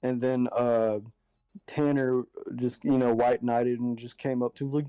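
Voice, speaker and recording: A young man chatting casually and telling stories about his school days, swearing freely. His voice is mellow and dark. The sound is dry, with no room echo. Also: mid-range voice, flat delivery, moderate pace, clear, resonant tone. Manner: laid-back storyteller, swears a lot. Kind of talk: casual chat.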